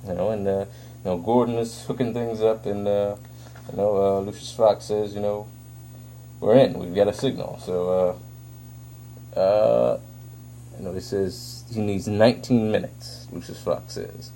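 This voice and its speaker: A man's voice: fairly low pitch, fairly even intonation, measured pace, gravelly, mellow, a little hiss or hum. A man giving a casual spoken comic book review, hesitant and full of fillers, recorded on a phone. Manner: hesitant, filler-heavy, rambling.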